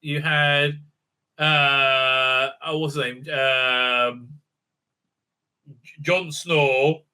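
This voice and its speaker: A man's voice: medium pitch, steady tone, very slow, pushed and bright, clean tone. A man giving a casual, rambling spoken review full of fillers and restarts, acting out lines from the show as he goes. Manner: rambling, many fillers and restarts, acts out quotes. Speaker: video reviewer.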